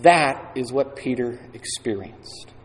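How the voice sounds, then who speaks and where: A man preaching a sermon slowly and deliberately, leaning on key words for dramatic emphasis. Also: mid-range voice, expressive, slight background noise. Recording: long hall reverb.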